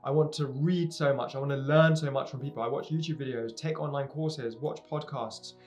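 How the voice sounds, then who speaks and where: A young man talks directly to his viewers in an earnest, emphatic way, repeating key phrases to drive them home. His voice sits at an ordinary middle pitch. Faint guitar music plays quietly behind him. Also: fairly even intonation, fairly quick. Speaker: entrepreneur giving advice to viewers. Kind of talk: direct-to-camera motivational talk.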